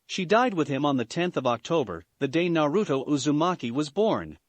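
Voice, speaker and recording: A man's voice: a little high, animated, fairly quick, no room sound, natural voice. A man voicing a stern male ninja teacher explaining matter-of-factly. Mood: grave.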